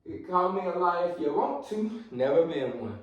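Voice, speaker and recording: A man riffs loudly over the footage, hyped and full of slang. His voice sits very high. The room around him rings with heavy echo. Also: very animated, normal speed, distant mic, lo-fi sound. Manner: loud, slangy, hyped, talks over the video. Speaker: reaction video host. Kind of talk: casual reaction commentary. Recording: very echoey room.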